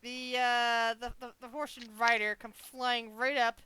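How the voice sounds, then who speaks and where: Woman game master with a high voice. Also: flat delivery, bright, forceful tone, a little hiss or hum. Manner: quick narration with frequent restarts and laughs. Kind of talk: narrating a tabletop game.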